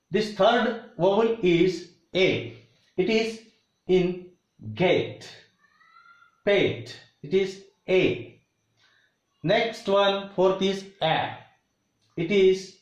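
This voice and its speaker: A man with an Indian English accent teaching English vowel sounds, deliberately repeating each example word. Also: high-pitched. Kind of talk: slow explanatory lesson. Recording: roomy, dull lo-fi sound.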